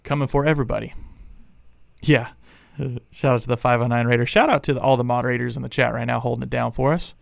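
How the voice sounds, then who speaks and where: Gravelly man hosting a fan podcast. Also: medium pitch, no echo, studio quality. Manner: animated, rambling, opinionated, talks to chat. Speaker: podcast host. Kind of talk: casual live fan podcast commentary.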